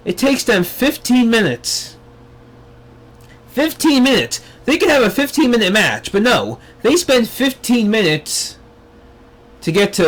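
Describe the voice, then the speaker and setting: A young man with a rather high voice rants in an exasperated, sarcastic way. He hosts his own talk show and drops into mocking impressions. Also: sing-song, measured pace, long pauses, a bit bright. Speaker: vlog host. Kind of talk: ranting commentary.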